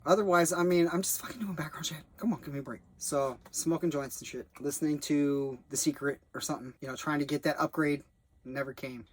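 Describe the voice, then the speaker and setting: A man's voice: fairly high pitch, fairly quick. A young man rambling in a loose, profane way as he reviews a film he worked on as a background actor. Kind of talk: rambling casual monologue.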